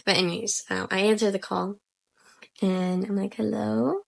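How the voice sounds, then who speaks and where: A soft-spoken young woman casually telling a personal story, rambling and hesitant with lots of fillers. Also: medium pitch, little pitch movement, unhurried, gravelly. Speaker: vlogger.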